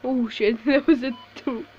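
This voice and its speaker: A woman giving casual live commentary over a shooter game, swearing a lot, laughing often and reacting excitably. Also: high voice, breathy edge, muffled recording. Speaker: gameplay commentator.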